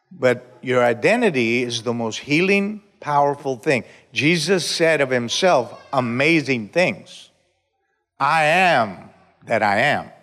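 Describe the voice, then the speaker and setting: Slow-preaching man in an echoing hall. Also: a little high. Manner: preaching with call-and-response, bursts into shouts. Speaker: pastor. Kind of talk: sermon. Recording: reverberant church hall.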